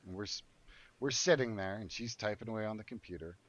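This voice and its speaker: A man's voice: on the low side, fast, no echo. Profane, indignant man ranting. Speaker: streamer. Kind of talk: casual storytelling while gaming. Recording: muffled lo-fi audio.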